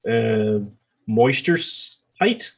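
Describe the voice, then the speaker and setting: A man narrating as dungeon master in a tabletop game, with halting, filler-heavy delivery. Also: mid-range voice, very animated, creaky.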